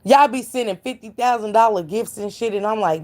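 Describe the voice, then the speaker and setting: A woman's voice: fairly high pitch, a little fast, a little mellow. Blunt woman gossiping to chat. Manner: blunt, profane, preachy, calls out chat viewers by name. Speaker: live stream commentator. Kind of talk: casual gossip commentary to live chat.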